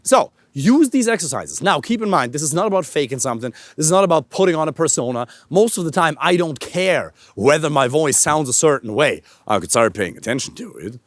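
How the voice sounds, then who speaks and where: A male coach giving an energetic, animated instructional talk to camera outdoors in a park. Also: fairly high pitch, brisk, hardly any pauses, no echo. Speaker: dating and voice coach.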